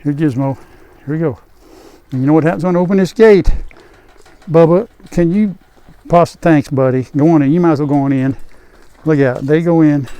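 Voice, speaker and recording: An older man on a farm, casually narrating his chores and coaxing his animals in a gentle, folksy way. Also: fairly high pitch, normal speed, clean tone. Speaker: farm vlogger. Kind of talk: casual vlog narration while doing chores. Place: outdoor farm, hen house and animal pens.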